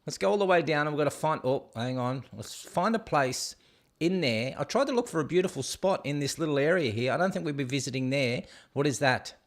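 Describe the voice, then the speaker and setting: A man with a fairly high, animated voice hosts a casual show, talking quickly. In his rambling video commentary he cracks jokes and stumbles over difficult place names.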